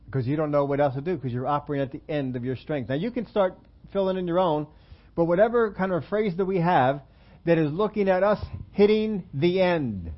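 A man's voice: on the high side, moderate pace. Man preaching a casual sermon, lo-fi audio. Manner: conversational, self-deprecating, asks the congregation questions. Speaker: pastor.

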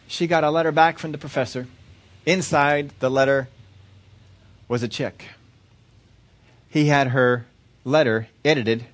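A man preaching, telling a story in an earnest, repetitive way that builds in excitement. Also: mid-range voice. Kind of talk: sermon storytelling.

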